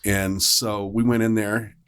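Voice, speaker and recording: Man, paramedic, deep-ish voice, loose storyteller full of ums and restarts, podcast mic. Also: level tone, measured pace, smooth. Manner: rambling, many fillers and restarts.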